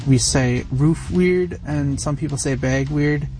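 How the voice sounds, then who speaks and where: A man's voice: on the high side, measured pace, far from the mic, over music. A man from Wisconsin with a Wisconsin accent, calling in and casually explaining how people there talk. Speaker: caller.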